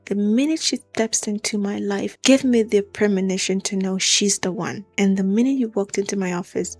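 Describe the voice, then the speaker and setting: A woman's voice: mid-range voice, darkish tone, close to an everyday voice. Woman putting on a smitten, gushing male doctor. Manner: earnest, gushing. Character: smitten male doctor, grinning, sure she's his bride.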